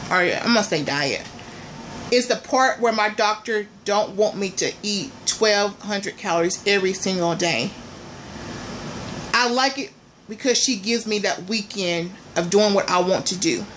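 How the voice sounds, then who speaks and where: A woman vlogger chatting casually and playfully to her viewers, calling them y'all, with loud bursts between quieter asides. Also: mid-range voice, unhurried, a little hiss or hum. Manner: animated, swings between soft asides and loud exclamations.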